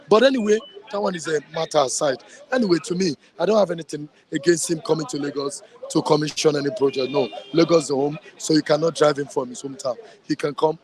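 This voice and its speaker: A man's voice: fairly high pitch, a little mellow. A man with a Nigerian accent giving fiery, ranting street commentary outdoors, mixing in Yoruba phrases. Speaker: street interviewee.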